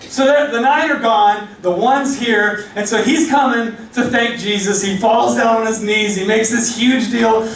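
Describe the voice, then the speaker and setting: A male pastor preaching a sermon in a casual, animated storytelling way. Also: very high-pitched, unhurried, few pauses, slight background noise. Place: church hall. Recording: echoey hall from far off.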